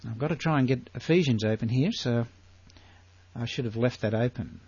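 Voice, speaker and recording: An older man with an Australian accent teaching the Bible in a sermon, full of rhetorical questions and drawn-out emphasis. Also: medium pitch, darkish tone, breathy edge, dry recording, lo-fi sound.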